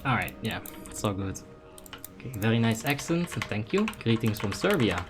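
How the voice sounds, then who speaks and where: A young man from the Netherlands doing casual live gameplay commentary, reading chat aloud with excited bursts. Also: on the low side, normal speed, music in the background. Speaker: game streamer.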